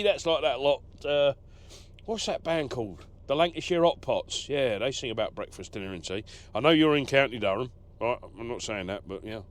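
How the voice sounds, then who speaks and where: An English lorry driver vlogs from his truck cab, casually reading out viewer comments in a rambling, self-deprecating chat. His medium-pitched voice is expressive and a bit bright, moving at a moderate pace in a dry recording.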